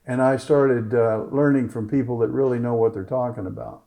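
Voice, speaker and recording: The recording is low quality: a medium-pitched, mellow male voice with fairly even intonation and a moderate pace. He's a doctor telling a story at a live talk inside a fitness gym, performing the lines of the people in it.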